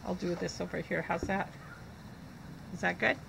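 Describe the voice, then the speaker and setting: A woman teaching a children's reading lesson, speaking slowly and clearly and sounding out words in an encouraging way. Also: fairly low pitch, steady tone, background noise.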